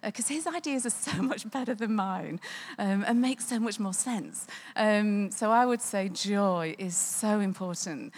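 A woman's voice: mid-range voice, measured pace, a little mellow. A woman tells a personal faith testimony, chatty and full of ums. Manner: conversational with frequent ums and laughter. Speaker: speaker sharing a testimony.

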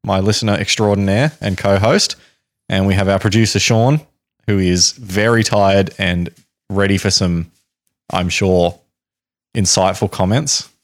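A man's voice: deep voice, a little slow. A man hosting a podcast, casually telling a story to his co-hosts with frequent laughs and teasing. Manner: chatty, laughs often, teasing.

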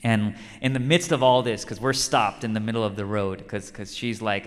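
A man's voice: on the low side, fairly quick, hardly any pauses. A male pastor preaching a sermon in a conversational way, telling a story and repeating key lines for emphasis. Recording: long reverb of a large hall.

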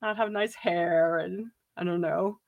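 A woman chats casually from home, reading viewer comments aloud and reacting to them. She gushes and giggles, and her voice swings high when she gets excited. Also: a little slow, creaky, phone-quality sound. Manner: gushing, giggly, animated swings in pitch. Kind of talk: casual livestream chat.

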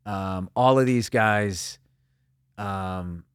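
A man's voice: on the low side, very slow, smooth. A man talking as a guest comedian in a casual interview, rambling and swearing often as he acts out voices from his stories.

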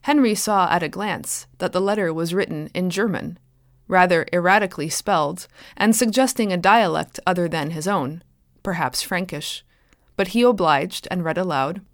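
A woman's voice: on the low side, dry recording, studio quality. Woman author reading her story aloud. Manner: clear, measured storytelling. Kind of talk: scripted narration.

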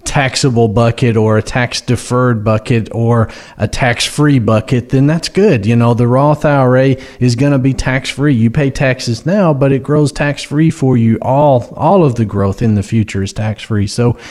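A man's voice: mid-range voice, normal speed, hardly any pauses, a little mellow. Laid-back tennessee guy explaining money stuff on the radio, easygoing. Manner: easygoing, agreeable, hedging with fillers. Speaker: financial advisor guest. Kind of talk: casual radio talk show chat.

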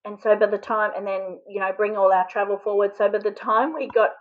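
A woman from Australia recounts a deeply personal story in a flat, even voice, pausing and catching her breath as emotion rises. The recording sounds a little dull and lo-fi. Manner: halting, emotional, often choked up. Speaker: interview guest.

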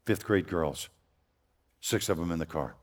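Loud, deep-voiced older man preaching. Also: a little slow. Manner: loud, folksy and earnest. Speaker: guest preacher. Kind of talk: storytelling sermon. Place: church sanctuary. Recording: long hall reverb.

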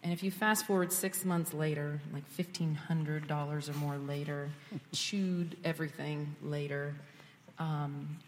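A woman's voice: low-pitched, steady tone, measured pace, a little hiss or hum. A woman speaking at church, giving a candid personal testimony that builds to fervent prayer. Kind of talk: sermon testimony. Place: church sanctuary. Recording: long reverb of a church hall.

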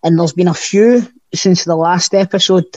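A man's voice: sits high, moderate pace, a little mellow, no echo, lo-fi sound. A Scottish man co-hosting a podcast, chatting casually with blunt, sweary banter. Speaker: podcast co-host. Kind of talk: casual chat.

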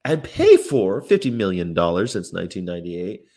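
Sitting in a rental apartment room that looks out a window, this man from the North of England, a vegan activist vlogger, reads news out loud and responds with sweary frustration. He speaks in a low register at a moderate pace, very animated, lurching from loud outbursts to muttering.

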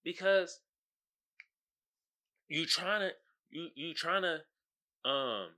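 A man's voice: a little high, drawn-out words, bright, forceful tone. A man hosting his own podcast, talking casually in slangy commentary and often asking "you feel me.". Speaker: podcast host.

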